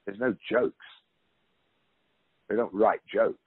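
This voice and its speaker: Speaking slowly in a fairly low, slightly rough voice, a middle-aged man gives a casual conversational interview as a guest over a narrow, phone-like line with no room sound. He's emphatic and chatty, restarts his sentences and says "you know" a lot.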